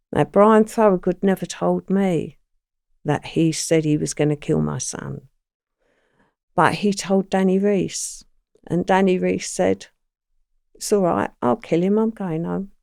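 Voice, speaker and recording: A woman's voice: mid-range voice, vocal fry, mellow, no room sound, studio quality. A woman as an interview guest, giving a plain, matter-of-fact first-person account with quoted dialogue.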